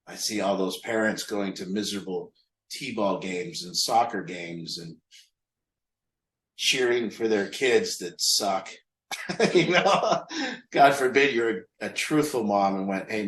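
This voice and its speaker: A man's voice: on the low side, roomy sound, a little hiss or hum, low-quality recording. A man leading a recovery group, talking candidly and mocking himself, asking rhetorical questions. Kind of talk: group talk on a call.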